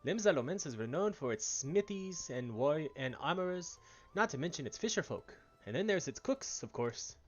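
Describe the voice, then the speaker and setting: A man's voice: on the high side, expressive, moderate pace, dull audio, faint music behind. A man voicing a chatty, folksy male merchant aboard a ship, reading game dialogue with a wobbly attempt at an Irish accent. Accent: attempted Irish, drifting. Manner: folksy, slangy, wavering accent.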